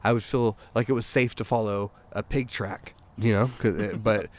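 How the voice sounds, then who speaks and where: A man, a songwriter guest, telling a rambling anecdote in a casual, animated way, swearing and acting out what people said. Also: on the low side, moderate pace, a little hiss or hum. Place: outdoors.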